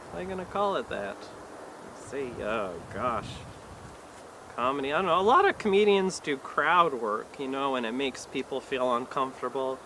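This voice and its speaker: A man performs stand-up at a live venue, his voice sitting a touch high. He delivers each line awkwardly and deadpan, hedging with fillers. The recording carries clear background noise. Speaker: stand-up comedian. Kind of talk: stand-up comedy set.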